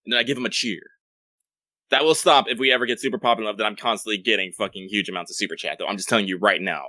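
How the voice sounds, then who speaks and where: A man's voice: fairly low pitch, very fast, sharp tone, no echo. A man co-hosting a casual gaming podcast, joking and reading out listener mail. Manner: laid-back, joking, reads listener mail. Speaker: podcast co-host.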